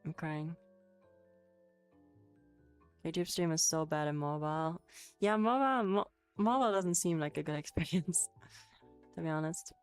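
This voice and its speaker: A woman's voice: low-pitched, moderate pace, long pauses, clean tone. A woman streaming a casual Japanese lesson on a headset, answering chat with giggles and swearing. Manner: giggly, swears, chatty and loose. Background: faint music playing.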